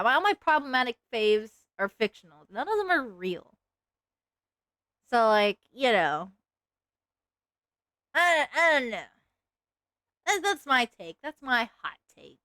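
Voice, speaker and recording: A young woman streams and chats while drawing, her voice bouncing up and down with lively, giggly energy. She pokes fun at herself, the sound dry and close to the mic. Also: fairly high pitch, a little slow, pauses often, clear, resonant tone, dry recording. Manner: chatty, giggly, self-mocking. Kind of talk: casual live-stream chat while drawing.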